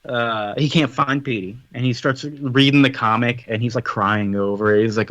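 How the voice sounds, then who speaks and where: A man co-hosting a podcast in casual chat, summarizing a story with quick acted-out quotes. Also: mid-range voice, fairly bright tone, no room sound, highs cut off. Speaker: podcast co-host.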